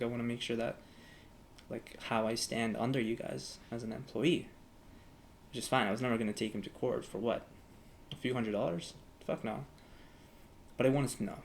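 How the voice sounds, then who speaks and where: Speaking at medium pitch with a bit of background noise, this young man tells stories in a casual vlog to camera. He rambles, leans heavily on "like," and acts out both parties in conversations he's had.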